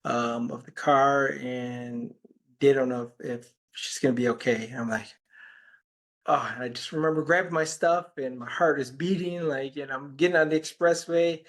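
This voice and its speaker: A man's voice: medium pitch, normal speed, fairly bright tone. A man talking as a guest in an interview, telling a long rambling story and quoting the people in it. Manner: rambling anecdotes, quoting conversations with "I'm like". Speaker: healer and podcast guest.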